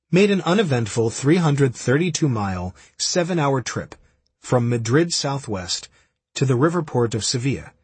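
A man narrates a wartime history in a grave, measured way. His voice is very husky and breathy at a middle pitch. He was recorded close on a dry, dead-sounding mic. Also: dry recording. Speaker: audiobook narrator. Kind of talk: scripted narration.

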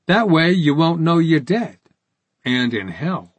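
Storybook villain, mocking and sarcastic, read by a man, husky voice pitched up. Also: sing-song, slow, no echo, exaggerated voice. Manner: taunting and sarcastic. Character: menacing, mocking male interrogator.

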